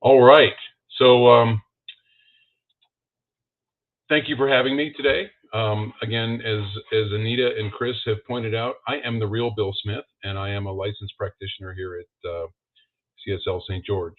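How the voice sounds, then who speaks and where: A man's voice: steady tone, normal speed. Man giving a talk over a tinny line. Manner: conversational, with many fillers, acting out his own thoughts in a higher voice. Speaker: licensed practitioner giving a talk. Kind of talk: sermon talk. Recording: tinny phone-like audio.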